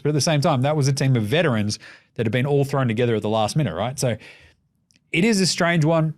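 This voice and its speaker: A young adult man with an Australian accent hosting a basketball podcast, ranting in casual commentary with lots of swearing and sarcastic jokes. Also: medium pitch.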